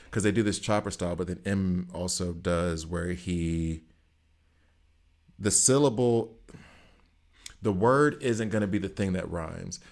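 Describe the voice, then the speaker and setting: A middle-aged man streaming a game, rambling through opinions and laughing often in casual chat. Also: sits low. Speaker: gaming streamer.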